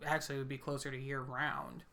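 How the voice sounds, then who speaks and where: A woman's voice: extremely low pitch, quick pace, gravelly, fairly bright tone. A woman hosting a reaction video, chatting casually and giving opinionated asides.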